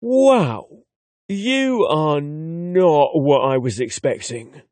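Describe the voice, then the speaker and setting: A man puts on a cheerful young man with a London accent, friendly and chatty, his voice lifted well above a plain speaking pitch. He swoops lively up and down, sounding close and dry in an audiobook. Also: drawn-out words, no echo. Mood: surprised. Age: young adult.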